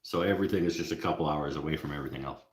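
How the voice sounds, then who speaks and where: A Canadian man with a deep bass voice and a Canadian accent talks at a racing clip in an echoey room. He's hosting a casual livestream, joking with his viewers and laughing at his own jokes.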